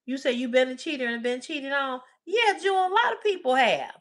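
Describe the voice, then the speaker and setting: High, bright, blunt woman livestreamer. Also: lively intonation, a little fast. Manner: blunt, profane, heated, talks back to chat. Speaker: livestream host. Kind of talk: casual livestream commentary.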